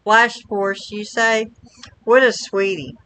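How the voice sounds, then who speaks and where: Woman voicing a flowery young street magician, bright tone, unhurried gushing lines. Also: medium pitch, steady tone, slight background noise, poor audio. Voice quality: flowery, overly sweet manner. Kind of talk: reading game dialogue aloud.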